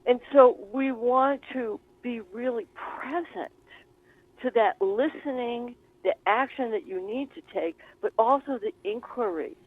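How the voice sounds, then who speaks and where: High-voiced woman on a tinny line. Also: unhurried. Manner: earnest, expansive, explains with examples. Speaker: spiritual author and guest. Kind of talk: conversational teaching. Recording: tinny phone-like call line.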